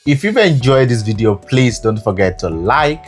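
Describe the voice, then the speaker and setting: A man from Nigeria co-hosting a casual chat with his wife, speaking in a measured way, affirming her points and prompting her with questions. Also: mid-range voice, big pitch swings, soft background music. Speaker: co-host.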